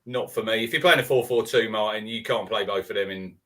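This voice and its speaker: A man's voice: on the low side, brisk, fairly bright tone. A man giving blunt, opinionated takes on a casual fan podcast over a video call. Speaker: podcast pundit.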